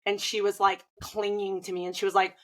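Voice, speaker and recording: A woman's voice: mid-range voice, brisk, rough recording. Chatty woman swim coach in conversation. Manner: chatty, frequent "like" fillers, animated retelling. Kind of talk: casual conversation.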